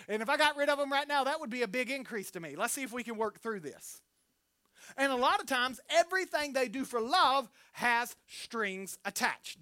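A man preaching a sermon, telling lively stories and breaking into loud acted-out quotes. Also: very high-pitched, no echo, studio quality. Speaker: pastor.

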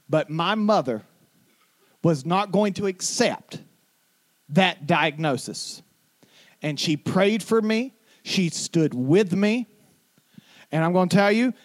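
A young adult male pastor preaching a sermon, telling his story quietly and then rising to shouted declarations. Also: on the high side.

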